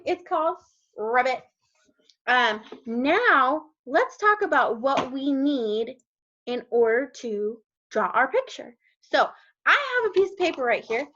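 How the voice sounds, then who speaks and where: A woman, a kindergarten teacher, reading a storybook aloud to young children and gently asking them questions along the way. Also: high voice. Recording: dull lo-fi recording.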